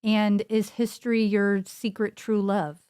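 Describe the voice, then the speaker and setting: A woman's voice: medium pitch, level tone, measured pace, mellow, clear, resonant tone. A woman co-host with an ordinary mid-range voice puts a two-part question to her guest. She sounds friendly and a little tentative, as if thinking aloud while she asks. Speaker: podcast co-host. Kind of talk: casual interview questions.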